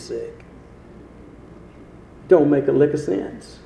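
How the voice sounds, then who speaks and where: Folksy preacher in echoing hall. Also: male voice, medium pitch, a little slow, creaky, pauses often, highs cut off. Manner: folksy, rises to emphatic climaxes then drops quiet. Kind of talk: sermon. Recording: very echoey hall with faint noise.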